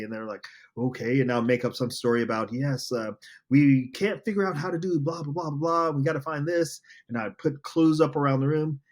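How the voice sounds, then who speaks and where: Earnest man repeating key points. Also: medium pitch. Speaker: former principal, ed tech educator. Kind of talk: casual podcast conversation.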